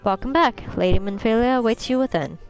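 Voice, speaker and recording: A woman voicing a calm, gracious leader of a society, reading in a measured, formal way. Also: a little high, faint music behind, lightly acted, rough recording.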